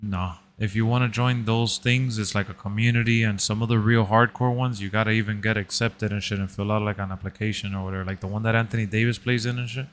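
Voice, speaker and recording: A young man in relaxed casual chat, using slangy speech and saying "bro" a lot. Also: on the low side, quick pace, hardly any pauses, a little hiss or hum.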